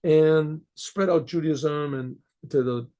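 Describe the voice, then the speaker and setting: A man's voice: a little high, slow, warm tone. A man voicing an elderly spiritual leader who gives firm, reassuring instructions.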